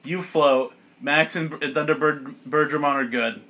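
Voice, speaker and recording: Bright-voiced male game master. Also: on the high side, fairly even intonation, moderate pace. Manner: casual, laughing, filler-heavy narration. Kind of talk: narrating a tabletop game.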